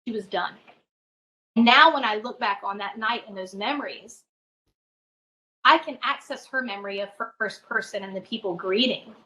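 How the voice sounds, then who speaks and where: A middle-aged woman, a spiritual advisor, tells a personal story as a podcast guest, earnest and halting, often restarting her phrases. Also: mid-range voice, bright, forceful tone, low-quality recording.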